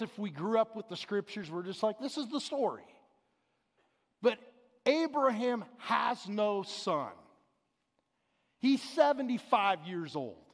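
Unhurried male preacher with a high voice, long hall reverb. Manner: conversational, explanatory preaching with paraphrased scripture. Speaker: pastor. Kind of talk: sermon. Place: large church sanctuary.

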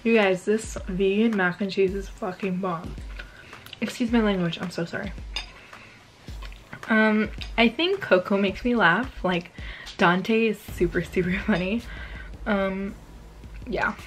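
A woman's voice: mid-range voice, steady tone, slow pace, pauses often. Chatty young woman vlogger. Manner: chatty, gushing, fillers like um and like. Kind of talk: casual vlog chat while eating.

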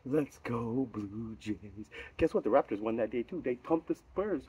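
A man hosting a sports vlog outro, rowdy, profane and hyped, rambling between shouts. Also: medium pitch, lively intonation, normal speed, slight background noise. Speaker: vlog host.

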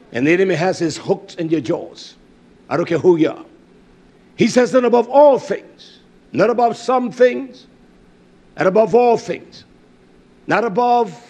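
High pitched guy preaching slow and heavy, keeps repeating himself, yells now and then. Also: husky. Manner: emphatic, repetitive, slow preaching with shouted bursts. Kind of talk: sermon.

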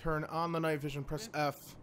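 A man's voice: a little high, level tone, normal speed, a bit bright, a little hiss or hum. A man playing a horror game, panicking, swearing and pleading with the game as he goes. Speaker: let's play gamer.

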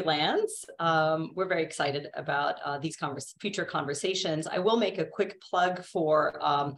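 A woman moderating a webinar, introducing presenters with a friendly, filler-laden manner. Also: low voice.

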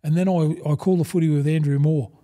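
An Australian man in his sixties, a former rugby league player and broadcaster, tells yarns as a guest in a relaxed interview. His tone is dark and mellow yet a little high, his pace quick, and he animatedly acts out quoted dialogue while calling everyone "mate" constantly.

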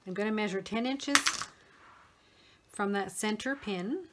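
A middle-aged woman explaining a sewing project step by step in a relaxed manner, talking while she works with her hands. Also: mid-range voice, measured pace, a little hiss or hum. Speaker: sewing tutor. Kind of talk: step-by-step craft tutorial.

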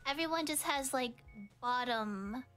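A woman's voice: high-pitched, unhurried, over music. A young woman streamer chatting casually, rambling and teasing with frequent giggles.

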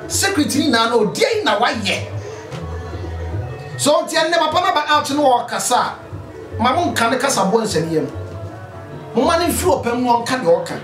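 A man from Ghana hosting a commentary show, steadily explaining the story to viewers. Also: very high-pitched. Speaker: host. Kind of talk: commentary narration. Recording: roomy echo with music behind.

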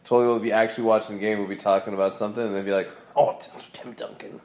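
A man's voice: lowish voice, little pitch movement, racing, roomy sound. Crude, laughing male podcast co-host. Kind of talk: casual chat.

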